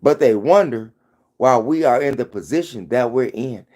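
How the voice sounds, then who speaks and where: A man's voice: medium pitch, animated, moderate pace, a little mellow. A middle-aged man giving an emphatic, preachy commentary vlog into his phone, hammering his points home by repeating them. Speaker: vlogger.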